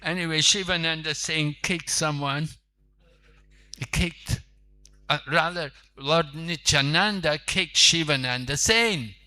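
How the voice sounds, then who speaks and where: A man's voice: fairly high pitch, slow, sharp tone. A man, a monk preacher, telling a sacred story in a conversational sermon with asides.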